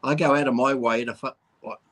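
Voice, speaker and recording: A man's voice: medium pitch, fairly even intonation, fairly quick, fairly bright tone. Australian man, forties, swears a lot, laughs mid-story, casual chat. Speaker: bodybuilder, co-host.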